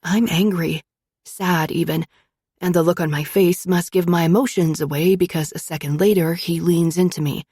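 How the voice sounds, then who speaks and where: Woman reading a romance audiobook, low husky voice, close dry sound. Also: steady tone, moderate pace, darkish tone, no room sound. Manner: intimate, emotional storytelling. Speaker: narrator. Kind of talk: first-person romance audiobook narration.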